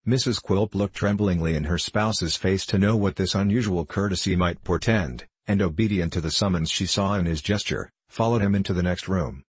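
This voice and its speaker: A deep, husky-voiced man narrates a classic novel as an audiobook, reading from a script. He keeps a normal speed with hardly any pauses, and there's no room sound.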